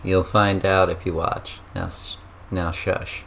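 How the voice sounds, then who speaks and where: A young man casually voicing a game's hero, gruff and deadpan. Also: sits low, takes it slowly, a little hiss or hum. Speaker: gamer voicing the main character. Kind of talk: casual dub of game dialogue.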